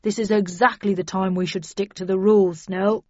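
A woman's voice: mid-range voice, little pitch movement, moderate pace, dark tone, no echo, lightly acted. A woman doing a stern by-the-book male agent. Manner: stiff, rule-bound, emphatic. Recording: dry, slightly dull audio.

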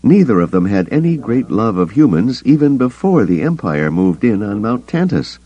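A man's voice: on the low side, big pitch swings, moderate pace, mellow, breathy edge, no room sound, pitched above the performer's own voice. Man as hard-edged female smuggler: growly, pessimistic, dry dull tape sound. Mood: grim. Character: tough sharp-tongued woman smuggler, grim and blunt.

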